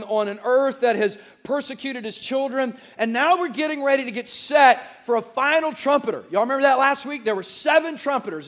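Hoarse, very high-voiced preacher. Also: male voice. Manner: energetic, leads call-and-response with the congregation. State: hoarse, squeaky voice from shouting. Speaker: pastor. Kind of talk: sermon. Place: church sanctuary.

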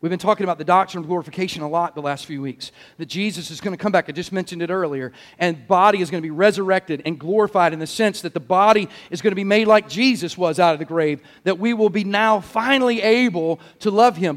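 A pastor preaching a sermon to his congregation, asking rhetorical questions and sometimes shouting for emphasis. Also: high voice, fairly quick.

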